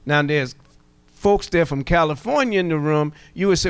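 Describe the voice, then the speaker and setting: Middle-aged gullah geechee southern guy, lively folksy storyteller, kinda high voice, dry close sound. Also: brisk, no echo. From coastal Georgia. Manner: animated storyteller, folksy, jokes with the room. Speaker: workshop presenter. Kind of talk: storytelling lecture to a live audience.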